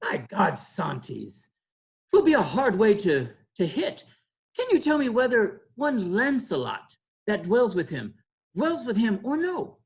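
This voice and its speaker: A woman reading the part of a muddled, humble, half-blind poor old man in an amateur play reading, halting and doddering. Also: mid-range voice, wildly swooping pitch. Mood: confused.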